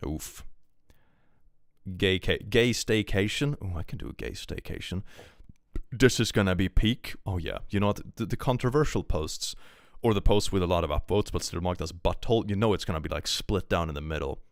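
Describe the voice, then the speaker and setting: On a live stream, a man with a very low voice gives casual reaction commentary at a normal speed, rambling, reading posts aloud and laughing often. The audio is dry and close-miked with no room echo.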